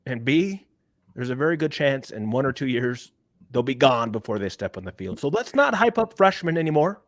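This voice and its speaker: A man's voice: medium pitch, big pitch swings, moderate pace, no room sound, studio quality. A man co-hosting a sports podcast, chatting casually and giving firm, emphatic opinions. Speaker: podcast co-host.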